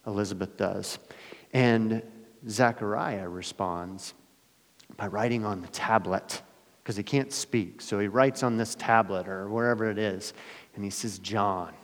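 A male pastor preaching a sermon in a dramatic way, swinging from loud emphasis to hushed asides. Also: lowish voice. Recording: long hall reverb.

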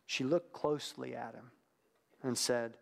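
A man preaching a sermon in a conversational, reflective way, sometimes dropping to a hushed tone. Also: mid-range voice, steady tone, unhurried, vocal fry, in a large hall.

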